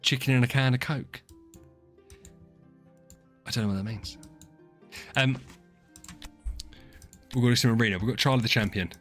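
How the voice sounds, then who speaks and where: A man's voice: medium pitch, normal speed, pauses often, fairly bright tone. A chatty man, chatting casually as a streamer. He teases and rambles, often restarting his sentences. Faint music plays behind him. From southern England. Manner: chatty, teasing, frequent restarts and laughs. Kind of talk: casual chat with chat readers.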